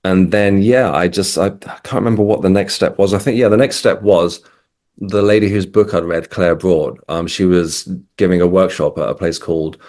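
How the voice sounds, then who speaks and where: A man's voice: low voice, steady tone, normal speed, a little mellow. A middle-aged man from England, a guest in a casual interview, recounting events with frequent hesitations and restarts. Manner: hesitant, restarts, many ums.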